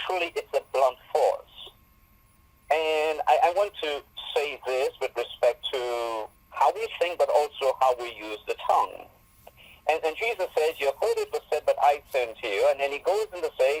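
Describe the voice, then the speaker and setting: A man's voice: a little high, low-quality recording. A man giving a Bible teaching in a sermon style, emphatic and repeating phrases for stress.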